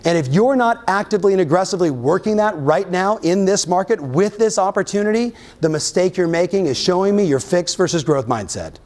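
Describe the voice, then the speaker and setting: A man giving an energetic motivational keynote to a live audience, often firing questions at the crowd. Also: high voice, fairly quick, few pauses. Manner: energetic, keeps quizzing the audience. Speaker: real estate coach and keynote speaker. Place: live event in front of an audience.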